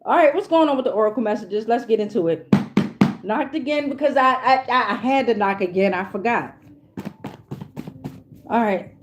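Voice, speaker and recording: A woman's voice: fairly high pitch, lively intonation, normal speed, pauses often, background noise. Loose, foul-mouthed woman reading tarot. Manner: loose, profane, rambling, laughs often. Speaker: tarot reader. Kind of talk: casual tarot reading vlog.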